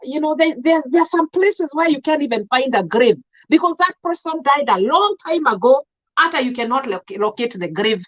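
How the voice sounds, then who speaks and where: A woman's voice: sits high, animated, normal speed, highs cut off. A Kenyan woman, around her thirties, giving an emotional, scolding vlog monologue. She repeats herself and keeps switching between English and Swahili. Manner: indignant, scolding. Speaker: vlogger. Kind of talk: impassioned commentary monologue.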